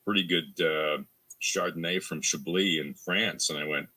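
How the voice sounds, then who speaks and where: A man's voice: steady tone, normal speed, pushed and bright. A man from Canada, a voice actor answering interview questions in a rambling, casual way, full of restarts and fillers. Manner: acts out quoted fans in a higher voice. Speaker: voice actor guest.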